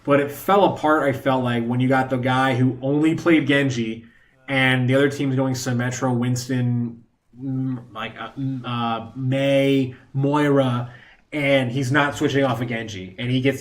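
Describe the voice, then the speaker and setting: A man's voice: mid-range voice, steady tone, moderate pace. A man live-streaming from home into a desk microphone, rambling casually to his chat and laughing often.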